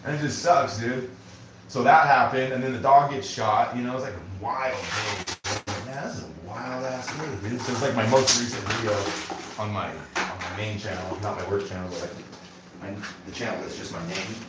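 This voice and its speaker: A man's voice: lowish voice, normal speed, very noisy. A man telling rambling stories in casual chat as host while working on a bathroom job, saying dude often. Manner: rambling storytelling, says dude a lot. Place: bathroom under renovation. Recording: echoey room from far off.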